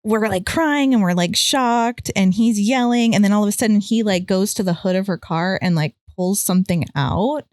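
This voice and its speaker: A young Californian woman co-hosts a podcast, telling a long personal story in casual chat at normal speed with few pauses. Her medium-pitched voice has a darkish tone, and the recording is dry with clean studio sound. She rambles, uses "like" constantly, and swears freely.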